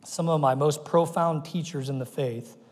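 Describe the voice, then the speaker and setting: A man preaching to his congregation, his voice sitting a little high as he tells the stories with lively energy. He slips into the voices of the people he quotes. His words ring out with the long reverb of a church hall. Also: normal speed. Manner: animated storytelling, acts out quoted voices. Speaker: pastor. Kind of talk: sermon. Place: church auditorium.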